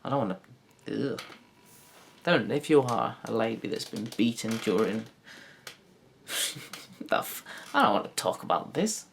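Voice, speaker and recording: A man's voice: on the low side, expressive, unhurried, vocal fry, pauses often, slight background noise. A man with a Yorkshire accent performing a stand-up comedy routine, rambling, correcting himself and swearing with sardonic delivery. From Yorkshire, England.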